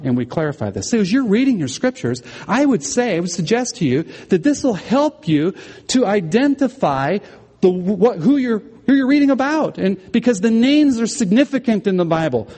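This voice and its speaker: A man's voice: high-pitched, warm tone, long reverb tail. A man preaching a sermon as pastor, explaining scripture and asking the congregation questions.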